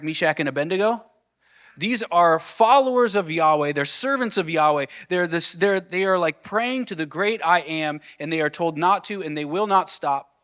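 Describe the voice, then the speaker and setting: A man preaching a sermon as pastor, earnest, asking the listeners questions and dropping to a soft, low voice on key points. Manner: earnest, builds with rising questions then drops soft.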